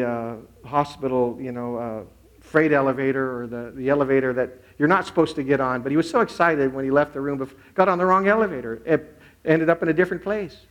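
A man with a somewhat high voice delivers a sermon as a pastor. He retells anecdotes with animated energy and acts out the quoted lines. He preaches to his congregation in a storytelling manner.

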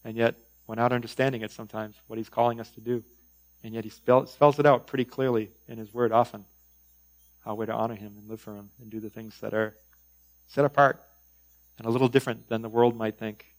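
A man's voice: medium pitch, fairly even intonation, fairly quick, low-quality recording. Conversational male preacher. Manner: conversational, with frequent fillers and asides. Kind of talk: sermon.

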